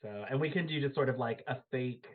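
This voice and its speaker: A man's voice: mid-range voice, fairly quick. A man playing in a tabletop game, chatting and thinking aloud with lots of fillers. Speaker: player. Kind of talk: casual tabletop game planning. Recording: tinny, phone-like stream audio.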